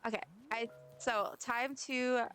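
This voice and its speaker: A woman's voice: on the high side, steady tone, slow pace, fairly bright tone, faint music behind. A woman streamer chatting casually while playing a game, giggling and talking to the characters on screen. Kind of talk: casual gameplay chat.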